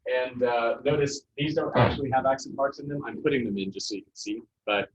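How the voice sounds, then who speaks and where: A male teacher talks his class through Spanish pronunciation, pausing often with ums and uhs. The recording is dull and lo-fi, with a faint hiss. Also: medium pitch. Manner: relaxed, halting explanations with many fillers. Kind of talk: classroom lesson.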